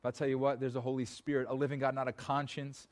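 Pastor, male, mid-pitched, conversational sermon delivery that moves between soft pleading and upbeat urging. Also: level tone, fast. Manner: conversational preaching, dropping to soft pleading then rising. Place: church.

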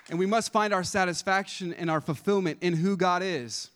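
Brief: male pastor mid-sermon, slightly high voice, rhythmic and emphatic. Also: normal speed, few pauses, a faint crowd. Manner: rhythmic repetition building to loud emphatic peaks.

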